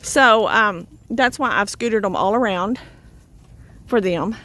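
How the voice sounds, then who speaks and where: A woman's voice: mid-range voice, slow, sharp tone. An older woman, out of breath, chatting casually to the camera from a goat pen while coaxing her goats. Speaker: goat farmer. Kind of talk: casual farm vlog. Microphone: handheld camera on a stand.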